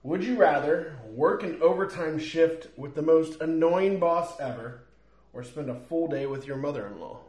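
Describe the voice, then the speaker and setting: A man's voice: fairly high pitch, animated, moderate pace, a little mellow. A man co-hosting a podcast, easygoing and chatty, laughing often as he leads the questions. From Ohio. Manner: easygoing, laughs a lot, uses bro and like. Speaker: podcast co-host. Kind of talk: casual chat. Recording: echoey room.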